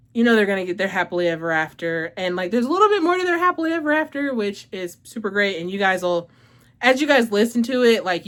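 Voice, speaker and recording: A woman with a lowish, somewhat bright voice hosts her own book review channel in a casual vlog format. She's gushing and emotional, slightly out of breath, heavy on "like" and swearing, and quick to laugh.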